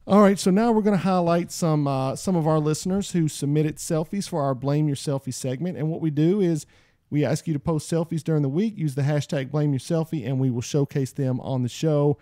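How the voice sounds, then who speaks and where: A man hosting a podcast in casual chat, reading out listener posts and jumping up in pitch when he wants to stress a point. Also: fairly quick, dry recording, clean studio sound. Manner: animated, jumps high in pitch for emphasis. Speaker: podcast host.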